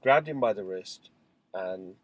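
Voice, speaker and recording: A man's voice: low voice, animated, a little slow, no room sound, muffled recording. Man candidly telling a family story. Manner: frank, rambling storytelling with fillers and asides. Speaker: father recounting family life. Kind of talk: candid spoken diary monologue.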